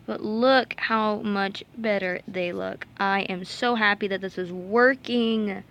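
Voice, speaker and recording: A woman's voice: medium pitch, steady tone, slow, creaky, fairly bright tone, a little hiss or hum. A woman chatting casually in a home vlog, rambling and cooing to her pet rabbits while filming with a handheld camera. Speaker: vlogger.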